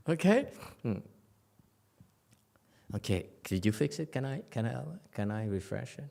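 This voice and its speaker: A Buddhist master lectures in a meditation hall with a gravelly, creaky voice at an everyday middle pitch. He is blunt and teasing, stumbles through fillers and restarts, and needles his listeners. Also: big pitch swings, takes it slowly, pauses often, dark tone. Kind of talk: dharma lecture.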